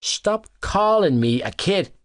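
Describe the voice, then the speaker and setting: A hot-headed teenage boy voiced by a man in an audiobook, pitched noticeably above a grown man's voice. He spits insults and shouts them. The recording is dry and close. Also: sing-song, slow, dry recording, exaggerated voice. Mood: furious. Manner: shouting, spitting insults, voice cracking. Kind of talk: audiobook character voice.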